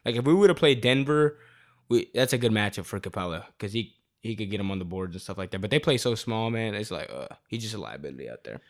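A young man in his twenties with a lowish voice rants in casual chat. His delivery is animated and heavy on slang and swearing. He sounds loose and unscripted throughout. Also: fast. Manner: animated, profane, slangy storytelling.

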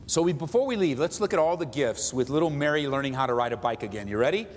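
A man, a pastor, preaching an animated, emphatic sermon in a church hall. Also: mid-range voice, fast. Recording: echoey hall, faint noise.

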